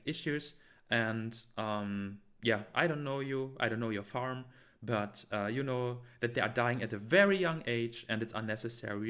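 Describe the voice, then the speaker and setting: A man's voice: medium pitch, a bit bright. Heated man arguing with live chat. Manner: argumentative, heated, many fillers and restarts. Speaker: live stream host. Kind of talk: live stream, reading and answering chat comments.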